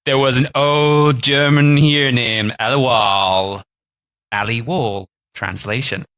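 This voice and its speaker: A man voicing an old cafe owner, talking slowly in a halting old-man voice. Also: medium pitch, steady tone, fairly bright tone. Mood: musing. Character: old man recalling his cafe days.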